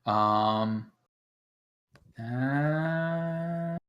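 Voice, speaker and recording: A man's voice: fairly high pitch, very slow, fairly bright tone, lo-fi sound. Chatty self-mocking male game master. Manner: talkative and self-deprecating, with many fillers. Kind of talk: casual rules explanation.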